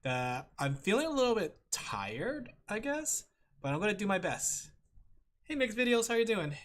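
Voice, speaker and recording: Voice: medium pitch, sing-song, normal speed. A streamer chatting casually with viewers while drawing, rambling, laughing often and talking straight to the chat. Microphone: streaming microphone with headphones. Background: faint music.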